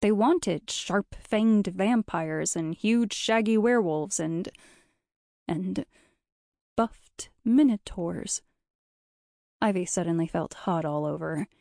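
Female audiobook narrator, warm and measured, close dry read. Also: medium pitch, gravelly, no room sound.

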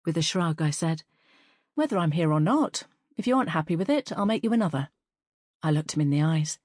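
A woman narrating a first-person fantasy story as an audiobook reader, in a measured, even storytelling manner. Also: deep voice, no echo, studio quality.

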